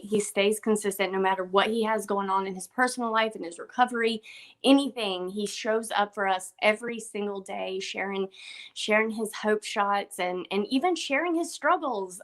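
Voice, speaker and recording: Young woman, earnest tribute, keeps repeating herself, mid pitch. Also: fairly bright tone. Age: young adult. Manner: earnest, repeats words, chokes up. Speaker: guest speaker. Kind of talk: emotional tribute speech.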